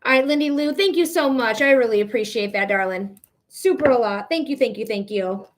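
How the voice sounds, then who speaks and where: With a slightly high voice and a fairly quick delivery, a young woman vents to her viewers on a live psychic reading stream. She's chatting casually with the chat, clearly frustrated and swearing freely.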